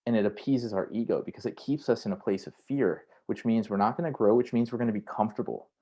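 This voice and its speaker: Lowish-voiced male career coach. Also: fast talker, dark tone, dull audio. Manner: conversational, frequent "right?" tags; acts out inner voices in quotes. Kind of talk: online workshop talk.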